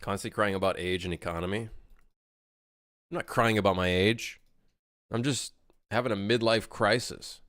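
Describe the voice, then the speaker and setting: A man's voice: lowish voice, steady tone, normal speed, pauses often, fairly bright tone, dry recording, studio quality. A man in his late twenties, a game developer chatting casually on a livestream as he works, reading chat aloud and rambling with plenty of swearing. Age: late 20s.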